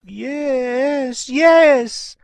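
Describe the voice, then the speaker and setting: A man reading as an old mother, sad and doubting, in a raised high voice. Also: measured pace, dry recording. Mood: grieving. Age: older. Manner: sad, doubting, rising to emotional. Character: grieving old lady, mother.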